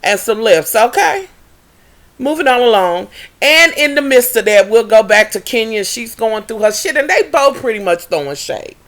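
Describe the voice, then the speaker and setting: A woman's voice: fairly high pitch, expressive, normal speed, a bit bright. A young woman recapping a reality TV episode in a sassy, profane, gossipy way. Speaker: TV recap vlogger.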